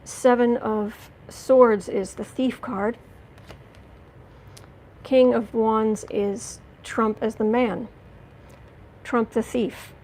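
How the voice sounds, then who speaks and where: A woman giving a livestreamed tarot reading, talking indignantly and emphatically with halting restarts as she greets chat. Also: on the high side, steady tone, darkish tone, rough recording. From United States. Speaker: tarot reader.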